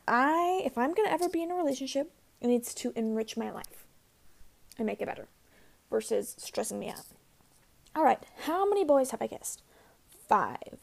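Twenty-something girl rambling on her podcast, bit of vocal fry, high-ish voice. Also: darkish tone. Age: 20s. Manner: bubbly, chatty, rambling with many fillers. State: out of breath. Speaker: podcast host. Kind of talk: casual solo podcast chat.

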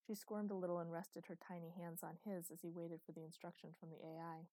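A woman narrating an audiobook in an even, measured way, in a dry close recording. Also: on the low side, no room sound, poor audio. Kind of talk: scripted narration.

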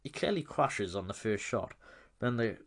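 A man's voice: on the low side, expressive, moderate pace. Laughing, sweary man recapping a film. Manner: chatty, laughing, sweary and loose. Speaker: film reviewer.

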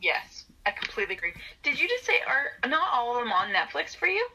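A woman co-hosting a podcast in easy, playful conversation. Her voice is bright and clear, and she laughs readily. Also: fairly high pitch, very animated, a little fast, low-quality recording. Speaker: podcast co-host. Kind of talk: casual chat.

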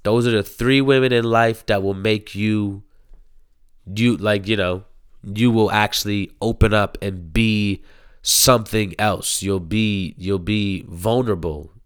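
A man's voice: fairly low pitch, steady tone, a little slow, clean tone, dry recording, studio quality. A man in his thirties chatting casually about a show, rambling with lots of fillers and restarts. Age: 30s. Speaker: show reviewer. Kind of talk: casual chat.

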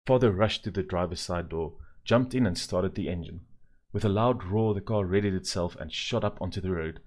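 A man narrating a children's story in a measured, gently expressive way. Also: sits low.

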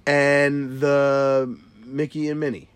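A man's voice: mid-range voice, level tone, slow, clear, resonant tone. A man in his thirties telling a story in casual chat, swearing a lot and restarting his sentences often. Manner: profane, rambling with many restarts.

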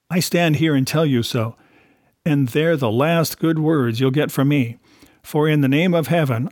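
A man's voice: a little high, darkish tone, dry recording. A man doing a stern, commanding sea captain. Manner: clipped, commanding. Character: stern middle-aged male ship's captain, unbending.

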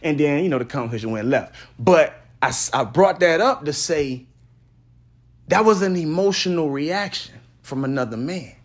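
A young adult man hosting a podcast, ranting casually and swinging from loud trash talk to low mutters. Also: expressive, normal speed. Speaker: podcast host.

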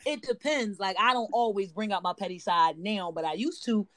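A woman's voice: medium pitch, normal speed, dry recording. Woman cohost, casual chat, aave, rambly storyteller, dry close sound. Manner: storytelling, rambling with many fillers. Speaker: podcast co-host.

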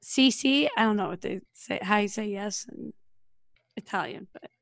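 A woman's voice: medium pitch, fairly even intonation, moderate pace, gravelly, no echo. Woman podcast co-host, loose rambling delivery, dry studio sound. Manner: rambling, lots of fillers, jokey voices for quoted people. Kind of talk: casual podcast chat.

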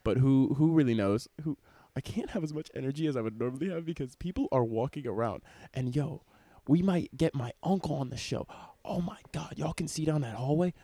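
A young man talks fast and loose in a rambling, excitable podcast rant, cursing freely. His voice sits at an ordinary pitch and comes through close and dry, with no room sound around it. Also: no room sound. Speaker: podcast host. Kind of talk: casual podcast chat. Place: in public on a cruise ship. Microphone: wearing headphones, laptop recording.

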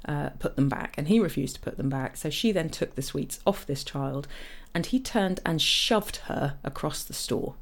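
A woman's voice: sits low, animated, normal speed, hardly any pauses. A woman co-hosting a casual chat, telling stories with lots of fillers and restarts. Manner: chatty storyteller, frequent fillers and restarts.

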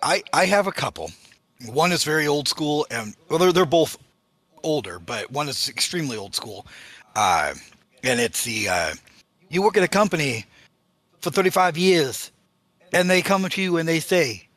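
A man's voice: a little high, expressive, moderate pace, a bit bright, no room sound. A man hosting a casual podcast, telling stories with a laugh and acting out the quotes he recalls. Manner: storytelling, laughs often, acts out quotes.

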